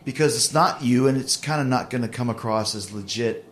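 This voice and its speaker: A man in his fifties hosting a podcast, asking questions in a relaxed, conversational way. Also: medium pitch, fairly quick, a little hiss or hum. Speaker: podcast host, interviewer. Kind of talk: casual podcast interview.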